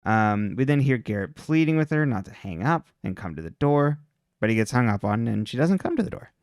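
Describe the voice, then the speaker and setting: A man's voice: medium pitch, sing-song, fairly quick, a little mellow, no room sound, studio quality. A man co-hosting a podcast, recapping TV episodes in a loose, chatty way with lots of "like" and "um". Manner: loose and chatty, full of "like" and "um" fillers. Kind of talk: casual recap chat.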